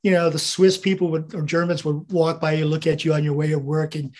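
A man's voice: on the high side, level tone, brisk. An American man in his seventies, a veteran guest in an interview, telling rambling anecdotes with chuckles and quoted dialogue. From United States. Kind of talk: storytelling interview.

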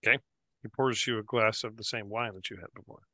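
A man running a tabletop game as dungeon master, narrating and voicing townsfolk, sometimes dropping to a hush. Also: fairly low pitch, steady tone, brisk, no echo. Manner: voices the barkeep in character, drops to a hush.

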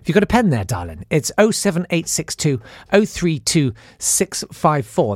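Man, podcast host, wry storytelling, lively pitch, dry close sound. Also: normal speed, no echo. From South East London. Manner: wry, self-deprecating, acts out the people in his story. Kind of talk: casual storytelling monologue.

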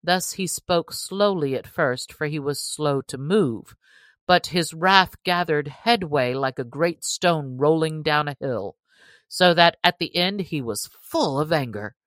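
A woman reading a classic adventure story aloud in a measured, expressive narration. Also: low-pitched, no echo. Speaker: audiobook reader. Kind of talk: audiobook narration.

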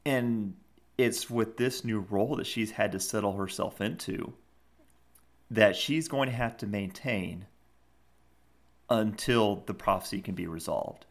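A man's voice: fairly low pitch, a little slow, gravelly. A man co-hosting a podcast, retelling scenes in a rambling, casual chat full of fillers. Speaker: podcast co-host.

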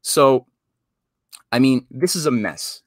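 A man's voice: mid-range voice, lively intonation, takes it slowly, no echo, clean studio sound. Earnest man with long winding explanations. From Canada. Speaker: guest. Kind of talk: casual interview discussion.

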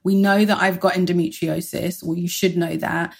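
Brisk woman telling her story. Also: fairly low pitch, creaky, breathy edge. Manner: brisk, animated retelling with quoted dialogue. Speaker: interview guest. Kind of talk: casual personal storytelling.

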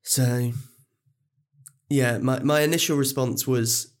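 A man's voice: medium pitch, steady tone, slow pace. A man co-hosting a casual film podcast, laughing often and trailing off mid-thought. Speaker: podcast co-host.

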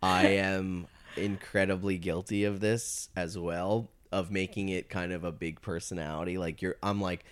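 A man's voice: sits low, normal speed, few pauses, clean tone. A man, a comedian, telling stories in a casual podcast chat, acting out quotes and swearing freely. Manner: animated storyteller, acts out quotes, swears freely. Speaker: comedian guest.

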